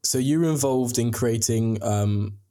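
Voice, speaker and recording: A man's voice: mid-range voice, a little slow, warm tone. A young man hosting a podcast, asking questions hesitantly with many fillers. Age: young adult. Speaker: podcast host. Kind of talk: casual interview questions.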